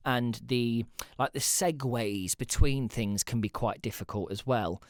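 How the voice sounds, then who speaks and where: A man's voice: mid-range voice, unhurried, no room sound, clean studio sound. A man hosting a casual solo podcast, rambling and self-deprecating, with the odd swear word. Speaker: podcast host.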